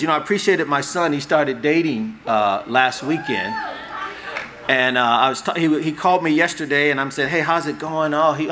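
Bright-voiced animated male preacher. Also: fairly high pitch, slight background noise. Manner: animated and conversational, acts out dialogue. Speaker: pastor. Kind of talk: sermon. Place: church hall.

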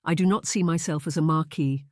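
A man voicing a gentle, insistent young aristocrat who speaks slowly and softly. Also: fairly even intonation, dry recording, studio quality, lightly acted. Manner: slow, soft, low-spoken. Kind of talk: audiobook character voice.

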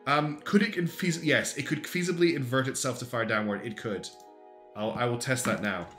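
A chatty man hosting a casual livestream, thinking out loud and often restarting his sentences. His voice sits at an ordinary pitch and sounds roomy, with faint guitar music playing underneath. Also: normal speed. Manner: chatty, thinks aloud with many ums and restarts. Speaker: streamer reviewing community game designs.

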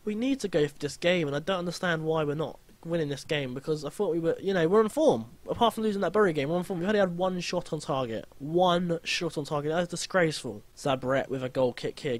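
A young man giving lively, blunt gameplay commentary, grumbling and swearing at his team. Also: fairly high pitch.

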